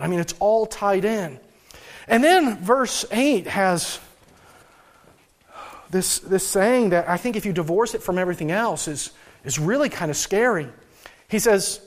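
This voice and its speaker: A man preaching as a pastor, earnest and thinking aloud, with frequent restarts. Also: high voice. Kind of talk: sermon.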